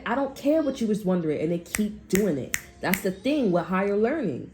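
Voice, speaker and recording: A woman's voice: mid-range voice, sing-song, a little fast, hardly any pauses, mellow, a little hiss or hum. A woman giving a casual tarot reading, rambling with lots of "like" and speaking bluntly, with frequent swearing. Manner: blunt and heated. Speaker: tarot reader.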